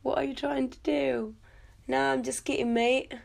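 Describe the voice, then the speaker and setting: A woman's voice: sits high, flat delivery, moderate pace, creaky, voice pushed up, heavily acted. A woman voicing a joking adult man with a British accent, teasing in a raised voice. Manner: teasing, jokey.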